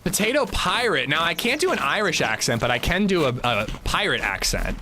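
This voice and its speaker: A male game streamer in his thirties chats loosely with his viewers, cracking jokes and wandering between topics. His voice sits a little high and swings widely in pitch, with a bright, forward tone. A faint hiss of noise runs underneath. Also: fairly quick. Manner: joking, rambling, lively. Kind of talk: casual livestream chat while gaming.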